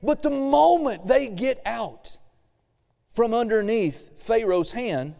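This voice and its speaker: A man's voice: very high-pitched, lively intonation, slow, creaky, warm tone, long reverb tail. A male pastor preaching a casual sermon, reading scripture aloud and acting out the quoted complaints.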